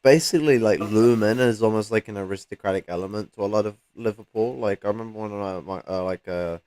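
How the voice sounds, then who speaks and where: A man's voice: on the low side, quick pace, darkish tone, a little hiss or hum. A man in casual chat, full of fillers and casual swearing.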